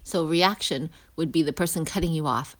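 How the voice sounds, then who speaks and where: A woman with a low voice, a parent and healing practitioner, strolls outdoors toward school while giving a relaxed spoken lesson. Her manner is reflective, broken by pauses, fresh starts, and whispered-sounding asides.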